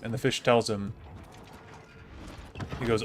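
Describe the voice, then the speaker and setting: A man's voice: lowish voice, a little slow, long pauses, soft background music. A man in his thirties chatting casually on a game stream, rambling with lots of fillers and restarts. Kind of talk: casual storytelling while gaming.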